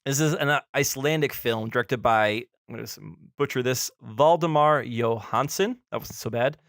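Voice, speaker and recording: A man's voice: medium pitch, normal speed, a bit bright, dry recording, studio quality. A man co-hosting a film podcast, talking casually and laughing often as he stumbles over names. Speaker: podcast co-host.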